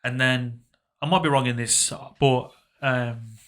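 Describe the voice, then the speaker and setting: Young man, bright tense tone, halting and reflective, casual podcast talk. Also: medium pitch, steady tone. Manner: halting, reflective, trailing off into quiet asides. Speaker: podcast co-host. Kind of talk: casual emotional conversation.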